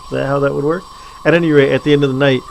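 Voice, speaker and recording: A man's voice: mid-range voice, fairly even intonation, rapid-fire, gravelly, a little hiss or hum. A man hosting a let's play video, telling a story in a casual, rambling way full of fillers. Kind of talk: rambling gameplay commentary.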